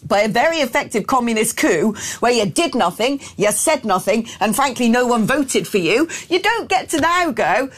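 Sarcastic high lively woman host. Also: moderate pace, hardly any pauses. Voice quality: sarcastic, mocking impressions. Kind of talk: political opinion chat.

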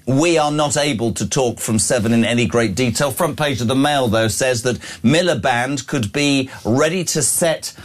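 A man hosting a morning talk radio phone-in, opinionated and animated. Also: medium pitch. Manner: opinionated, animated, quick to laugh.

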